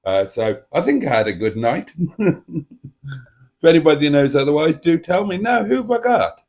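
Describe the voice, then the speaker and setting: A man's voice: on the high side, sing-song, normal speed, a little mellow. A man hosting a casual live stream from his dining table, speaking into a desk microphone in a rambling, self-mocking, theatrical way. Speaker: livestream host. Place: home dining room.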